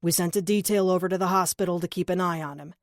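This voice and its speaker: Lady doing a firm no-nonsense police captain, lowish voice, dry close mic. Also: steady tone, quick pace, no echo, close to an everyday voice. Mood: stern. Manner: firm and commanding. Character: gruff male police captain, stern but protective.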